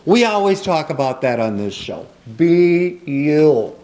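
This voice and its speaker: Gushing woman host with a lively low voice. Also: slow pace. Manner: gushing, affectionate, calls guest honey. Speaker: talk show host. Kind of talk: casual interview chat.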